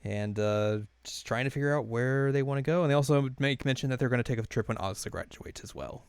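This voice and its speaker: A man's voice: medium pitch, fast talker, clear, resonant tone, dry recording. A young man co-hosting a podcast, casually recapping an anime episode with lots of fillers and chuckles. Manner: rambling, many fillers, laughs while retelling scenes.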